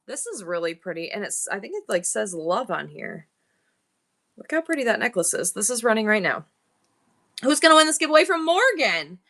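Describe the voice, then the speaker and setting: A woman's voice: medium pitch, sing-song, moderate pace, bright, forceful tone. A woman hosting a live online sale, rambling through family stories while thanking viewers by name. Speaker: live-stream seller. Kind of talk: chatty live-sale banter.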